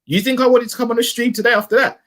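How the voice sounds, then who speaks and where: A young man co-hosting a fan channel rants heatedly on a live post-match reaction stream, his very high, slightly bright voice racing yet steady in tone. He repeats himself for emphasis.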